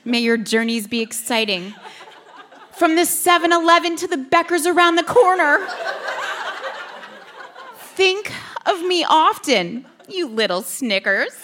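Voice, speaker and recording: A woman reads a comic poem to a live audience, drawing out each word very slowly in a mock-passionate style. Her voice sits a little high. Clear background noise runs under the live stage recording. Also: big pitch swings, pushed and bright. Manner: slow, theatrical, mock-passionate. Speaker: guest reader. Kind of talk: mock-dramatic poetry reading on stage.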